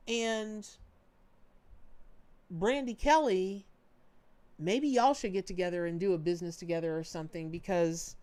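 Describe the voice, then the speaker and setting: A woman hosting a live-stream tarot reading, chatty and animated with folksy, warm-hearted talk. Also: on the low side. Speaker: tarot reader hosting a charity livestream.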